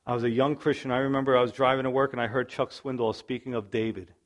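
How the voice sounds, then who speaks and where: A middle-aged man preaching a sermon in a voice of middling pitch. He tells the story with drama, acting out the people in it. His volume climbs to loud bursts and falls to quiet asides. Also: level tone, fast. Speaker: pastor.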